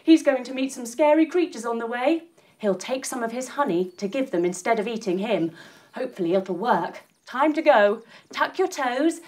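Animated high-voiced woman yoga teacher. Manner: animated, playful, encouraging. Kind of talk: storytelling yoga lesson for children.

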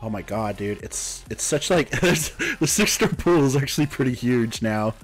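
A man's voice: mid-range voice, animated, measured pace, breathy edge, faint music behind. Slightly sick young male streamer, chatty. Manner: casual, chatty, thanks viewers by name. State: a little sick, coughing. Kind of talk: live-streamed game commentary.

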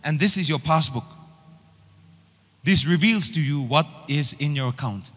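Husky-voiced man preaching emphatically. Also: fairly high pitch, unhurried, a bit bright, long reverb tail, faint music behind. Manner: emphatic preaching with repeated rising phrases. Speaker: pastor. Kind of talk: sermon.

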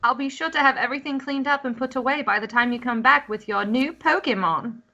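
A gentle, fussing mother from a video game, read by a woman. Her voice is bright and slightly high, coming through a dull, lo-fi mic. She reads calmly, as game text. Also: a little fast, vocal fry, full character voice. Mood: caring. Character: caring mother, woman, middle-aged, fussing.

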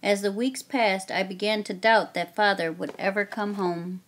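A woman narrating a children's historical story in a steady, plain reading voice. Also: mid-range voice, moderate pace. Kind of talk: reading a children's book aloud.

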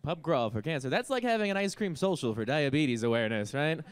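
A man's voice: fairly high pitch, expressive, fast talker. A young man doing a stand-up comedy set on stage, offhand and rambling, full of fillers. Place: comedy stage with a live audience.

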